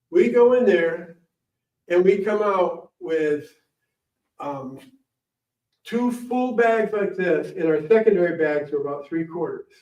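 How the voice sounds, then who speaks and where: A middle-aged man giving a talk at a library, telling a rambling personal story in an animated way and acting out the people in it. The recording is dull and echoey, taken from a distant mic. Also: fairly high pitch. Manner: animated, rambling, acts out voices. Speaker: guest speaker. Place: library event room.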